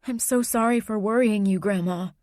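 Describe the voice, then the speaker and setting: A woman's voice: mid-range voice, normal speed, darkish tone, no room sound, clean studio sound, close to an everyday voice. A woman voicing a young heroine who speaks in a raised, urgent, demanding way. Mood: upset.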